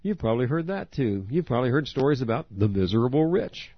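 A man's voice: mid-range voice, big pitch swings, fast talker, slightly rough, dry recording. A man preaching a sermon, earnest, asking his listeners direct questions. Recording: dry, dull lo-fi audio.

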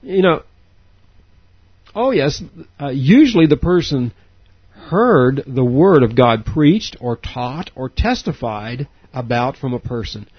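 A man preaching a sermon in an animated way, rising in pitch to stress his points. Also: slow, breathy edge, no echo, muffled recording. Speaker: pastor.

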